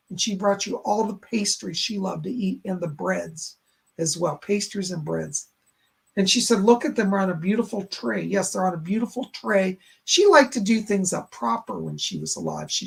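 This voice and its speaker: Gravelly husky-voiced man giving psychic readings. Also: high voice. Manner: chatty and reassuring, with many "and she said" asides. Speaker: psychic medium hosting a live stream. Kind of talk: casual live-stream readings, relaying messages and reading chat questions aloud.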